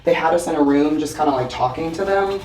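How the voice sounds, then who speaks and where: A woman vlogging casually while getting ready in a hotel bathroom, her voice hoarse from shouting, chatty and rambling with frequent laughs. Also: low-pitched, quick pace. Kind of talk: casual chat to camera.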